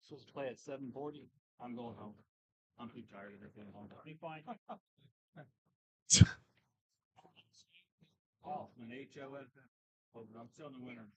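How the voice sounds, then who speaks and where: A man's voice: mid-range voice, slow, pauses often, a little mellow. A man at a pool tournament speaks in a tired, offhand way. He is heard from afar, and the sound is dull and muffled. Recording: distant muffled room pickup.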